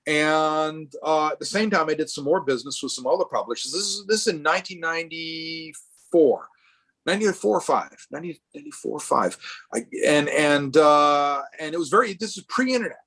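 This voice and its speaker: A man's voice: on the high side, animated, normal speed, fairly bright tone. Rambling, restart-prone middle-aged man. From Rhode Island. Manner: rambling with many restarts and fillers. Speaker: guest artist. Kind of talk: casual talk in a live artist event. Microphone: video call.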